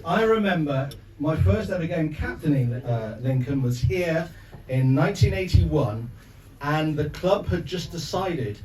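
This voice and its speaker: A man's voice: fairly high pitch, lively intonation, measured pace. A man in his sixties giving a speech at a sports club, telling jokey anecdotes full of asides before presenting an award. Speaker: guest speaker presenting an award. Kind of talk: after-dinner speech. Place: clubhouse function room with an audience. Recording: echoey room, mic at a distance, crowd noise.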